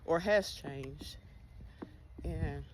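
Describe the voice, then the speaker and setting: Speaking extremely slowly in a low, darkish voice, a woman shares a frank personal monologue about spirituality, cursing constantly and holding nothing back. Background hiss fills the recording.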